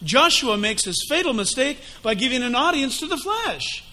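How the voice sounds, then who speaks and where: A male preacher delivers an animated, emphatic sermon. His voice sits high and bright, and it rises and falls with lively swings. He talks to his listeners directly and with drama. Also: normal speed.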